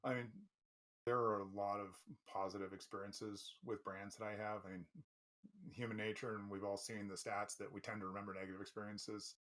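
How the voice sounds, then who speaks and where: A man's voice: on the low side, little pitch movement, fairly quick, a bit bright. A man being interviewed as a company president, talking thoughtfully and loosely with fillers and restarts. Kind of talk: casual interview chat.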